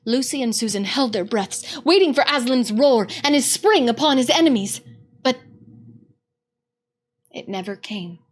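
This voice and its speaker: Female storybook narrator, expressive and dramatic, unhurried, animated pitch. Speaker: read-aloud host. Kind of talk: storybook read-aloud narration.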